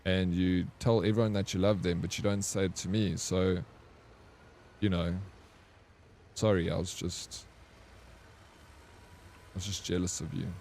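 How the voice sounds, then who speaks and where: A man's voice: deep voice, level tone, unhurried, gravelly, long pauses, darkish tone, slight background noise. A man streaming a game, chatting casually and bantering with viewers as he reads their messages aloud. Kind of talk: casual livestream chat.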